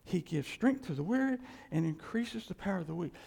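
High, animated preacher in a reverberant hall. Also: male voice, brisk, gravelly, slightly rough. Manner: animated preaching, acting out quoted voices, hushed asides. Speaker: pastor. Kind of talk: sermon.

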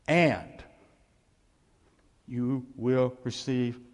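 A man's voice: medium pitch, drawn-out words. A man preaching a conversational sermon as pastor, acting out voices as he tells it. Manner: animated, conversational, acts out quoted voices. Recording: long reverb of a hall.

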